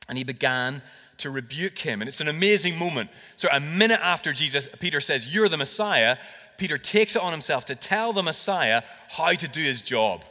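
Preacher in a reverberant hall. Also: male voice, fairly high pitch. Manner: expressive, acts out quoted dialogue with shifts in loudness. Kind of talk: sermon. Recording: long reverb of a large hall.

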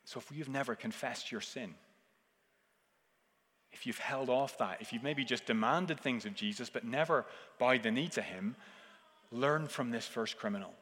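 A man's voice: mid-range voice, moderate pace. Earnest male preacher in a reverberant hall. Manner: earnest, swings between forceful emphasis and hushed intensity. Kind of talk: sermon. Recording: long reverb of a large hall.

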